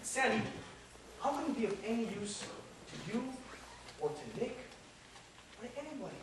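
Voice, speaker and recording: Male actor as a high, lively, rambling New York drifter; stage monologue caught from far off in an echoey, noisy room. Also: normal speed. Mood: pleading. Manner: rambling, animated, mimics passers-by. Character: restless witty out-of-work New York man.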